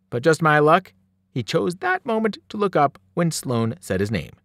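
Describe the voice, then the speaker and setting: Teacher-reader, man, very lively pitch, dry close sound, storytelling voice. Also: brisk, no echo. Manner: expressive storytelling. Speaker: teacher reading aloud. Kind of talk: reading a novel aloud.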